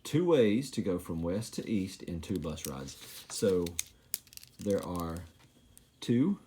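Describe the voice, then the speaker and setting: A man's voice: low voice, sing-song, takes it slowly, mellow, slight background noise. A man teaching a recorded math lesson, making joking, self-deprecating asides while he writes.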